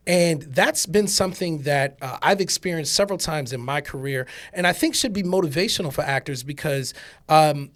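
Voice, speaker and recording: A man with a slightly raised voice hosting a relaxed conversation. He talks in halting bursts, repeating words and leaning on fillers as he explains his view. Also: on the high side. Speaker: podcast host. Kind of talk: casual chat.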